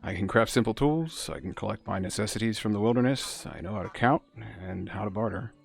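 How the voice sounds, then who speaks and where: A man's voice: on the low side, a little fast, gravelly, breathy edge, faint music behind. A man voicing an earnest young male traveler, reading game dialogue aloud in an emphatic way.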